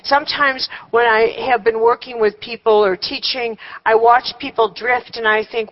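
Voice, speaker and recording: A woman speaks to a seated group at a workshop with a fairly high voice, asking rhetorical questions and slipping in wry humor. The recording is dull and lo-fi. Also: fairly even intonation, moderate pace, few pauses. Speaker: workshop teacher. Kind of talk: live workshop talk to a group.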